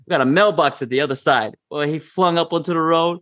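A man from the Pacific islands talks in a loose, slangy way, laughing through his stories. His voice sits a bit high for a man. The recording is dry and close. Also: fairly quick, a bit bright, dry recording. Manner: laughing storyteller, slangy, says man a lot. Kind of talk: casual podcast chat.

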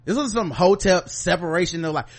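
A man co-hosting a podcast, ranting in casual chat, profane and animated, with mocking asides. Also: sits high, a little fast. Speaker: podcast co-host.

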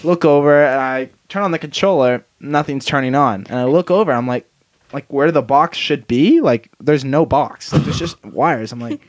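Young woman podcast co-host, animated chatty storyteller, very expressive pitch. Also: moderate pace, dry recording. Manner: animated storyteller with many "like" fillers. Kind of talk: casual chat.

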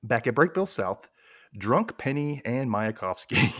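A man's voice: mid-range voice, sing-song, takes it slowly, pauses often, fairly bright tone. A man co-hosting a podcast, casually recapping a TV episode and acting out the characters' lines in put-on voices. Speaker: podcast co-host.

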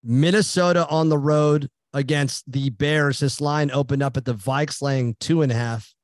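A man's voice: mid-range voice, steady tone, dry recording. Man firing off betting picks, dry. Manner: brisk, confident, rattles off lines and percentages. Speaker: sports betting host. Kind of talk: casual sports betting chat.

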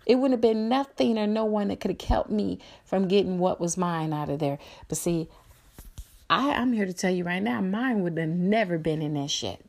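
A woman's voice: on the low side, normal speed, creaky, a little mellow. A middle-aged woman hosting a solo podcast, ranting in an angry, blunt and profane way. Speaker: podcast host.

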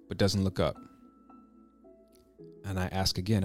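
Deep-voiced man telling a personal story. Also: level tone, darkish tone, faint music behind. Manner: reflective, halting with many restarts.

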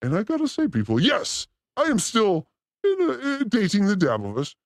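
A man's voice: moderate pace, dry recording, studio quality. A man hosting a show, delivering a rambling, joking comedic monologue. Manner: animated, joking, pitch swooping up and down. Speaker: host.

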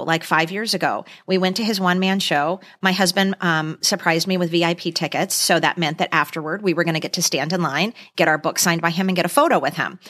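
A woman's voice: fairly low pitch, fairly bright tone. A middle-aged woman co-hosting a podcast, chatting casually and speaking straight to the listeners with enthusiasm. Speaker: podcast co-host. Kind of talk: casual chat.

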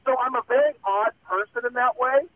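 A man's voice: extremely high pitch, fairly quick. A man calling in as a guest, chatting casually in a rambling, self-mocking way with lots of fillers. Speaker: radio host guest. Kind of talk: casual chat. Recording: tinny phone line.

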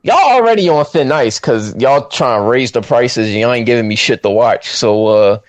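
A man co-hosting a podcast, chatting casually about a film with slang and quick quoted asides. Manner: animated, swoops up high when quoting himself, slangy. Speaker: podcast co-host reviewing a film. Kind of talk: casual chat.

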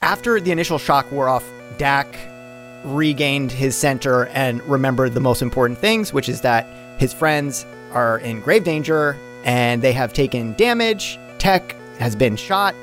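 A man's voice: mid-range voice, measured pace, fairly bright tone, soft background music. A man narrating his character's actions in a tabletop role-playing game, rambling and profane.

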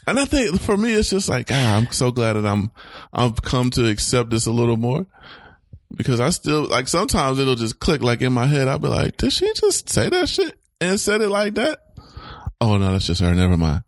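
A man's voice: a little fast, no echo, studio quality. A man co-hosting a podcast, chatting casually with a joking, profane manner. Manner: animated, profane, jokey, jumps into high voices for quotes. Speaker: podcast co-host. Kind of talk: casual chat.

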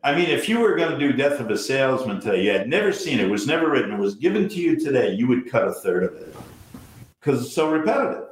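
A man's voice: medium pitch, very animated, fast talker. An older man, a stage actor and playwright, telling rambling anecdotes in a casual interview. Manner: rambling storyteller, frequent restarts. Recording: roomy recording with faint noise.

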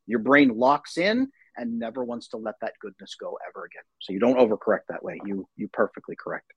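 Husky-voiced man in his thirties. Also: lowish voice, fairly quick, no echo, highs cut off. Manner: animated, acts out voices in anecdotes. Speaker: parenting coach guest. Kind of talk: conversational podcast interview.

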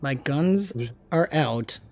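Brisk player giving orders. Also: medium pitch, expressive. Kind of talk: in-character tabletop play.

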